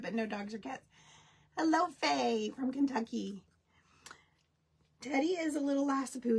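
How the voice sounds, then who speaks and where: Chatty high-voiced woman demoing a craft kit. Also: husky. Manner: chatty, folksy, talks to viewers and pets; baby talk to her dogs. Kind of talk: live craft tutorial.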